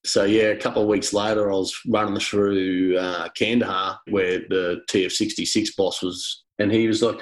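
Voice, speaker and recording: A man's voice: sits low, fairly even intonation, brisk, rough recording. An Australian man, a former soldier, telling war stories in a laid-back, casual way with many fillers and some swearing. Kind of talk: casual storytelling.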